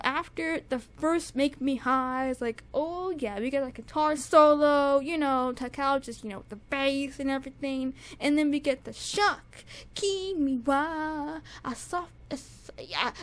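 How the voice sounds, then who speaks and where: Gushing high-voiced woman reviewing music. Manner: gushing fangirl enthusiasm, rambling with many fillers and repeats; shrieks high with excitement at times. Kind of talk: casual solo music review.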